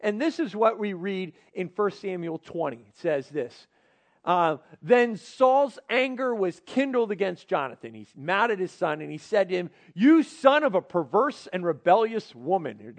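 A young man with a high voice preaches to a youth group in a casual, lively way. He talks to his listeners directly and asks them questions as he goes.

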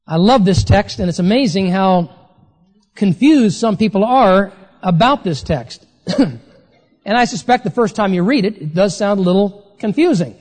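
A preacher delivers a sermon with emphatic conviction, dropping to a slow, deliberate pace to press home the key phrases. The voice rings out with a long reverb tail, as if recorded in a large hall. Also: mid-range voice, animated, a little mellow.

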